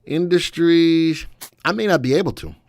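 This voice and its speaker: A man hosts a live stock analysis broadcast, talking straight to his viewers as he clicks through charts. His voice sits a bit high and sounds dry and close, and he breaks into lively, folksy exclamations. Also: moderate pace, dry recording. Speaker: stock market analysis host.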